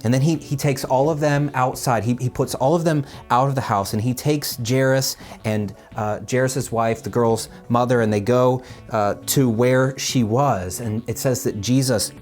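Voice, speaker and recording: Man children's minister, animated casual storyteller, mid-range voice. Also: moderate pace, hardly any pauses, soft background music. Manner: animated storytelling with swings in pitch; casual, with fillers and restarts. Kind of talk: children's Bible lesson.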